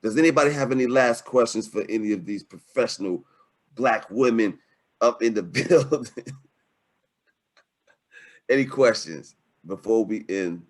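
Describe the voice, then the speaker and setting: A man hosting a live online webinar, talking in an emphatic, excitable, slangy way. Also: medium pitch, measured pace, pauses often. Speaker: webinar host.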